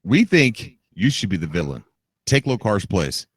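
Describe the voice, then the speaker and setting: Male streamer, casual chat, animated pitch, dry sound, frequent laughter. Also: unhurried, slightly rough, dry recording. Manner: laughs often, lively and joking. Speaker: streamer host.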